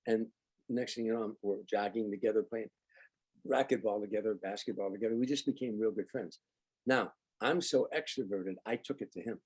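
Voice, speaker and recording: Older male comic guest, husky timbre, spins anecdotes with voiced dialogue. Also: lowish voice, fairly quick. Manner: animated anecdotes, acts out quoted dialogue. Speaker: guest comedian. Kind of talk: storytelling interview.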